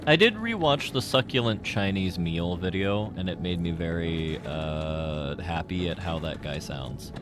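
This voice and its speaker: A man's voice: low-pitched, animated, measured pace, few pauses, music in the background. A man streaming a game, rambling and joking with his chat in casual commentary. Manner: rambling, jokey, talks to chat.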